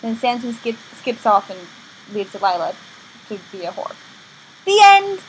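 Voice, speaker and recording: A woman's voice: medium pitch, normal speed, a little hiss or hum, low-quality recording. A woman telling a story in a playful, irreverent, casual way with frequent restarts. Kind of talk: comic casual story retelling.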